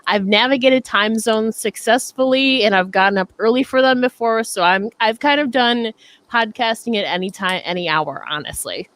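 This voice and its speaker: A woman's voice: on the high side, moderate pace, a bit bright. A young woman guest on a casual video-call interview, rambling with lots of fillers and restarts. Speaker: interview guest, podcast host.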